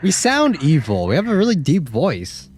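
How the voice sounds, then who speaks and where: A man's voice: on the high side, huge pitch swings, normal speed, darkish tone. A man casually commenting while he plays a horror game, wry and reading prompts aloud. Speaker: streamer playing a game. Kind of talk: casual let's-play commentary.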